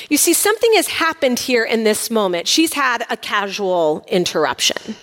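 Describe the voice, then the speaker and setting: Woman giving a casual bible talk, high voice, sassy and chatty, long reverb behind her. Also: moderate pace, few pauses. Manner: chatty and animated, acting out quotes with sass. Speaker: Bible teacher.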